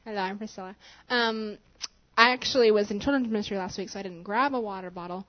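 A woman sharing a testimony in church, telling her story in a giggly, animated way. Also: mid-range voice, quick pace. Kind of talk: spontaneous testimony to a congregation. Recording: dull lo-fi church recording.

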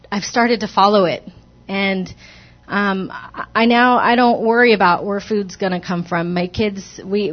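A woman's voice: medium pitch, muffled recording. A woman telling the congregation her personal testimony in a church, hesitant and earnest, with many restarts. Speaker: church member giving testimony. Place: church sanctuary.

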